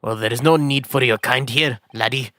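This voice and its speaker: A man voicing a gruff, bigoted middle-aged prison governor in a put-on Scottish accent, low and curt. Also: moderate pace, bright, forceful tone, slight background noise, close to an everyday voice.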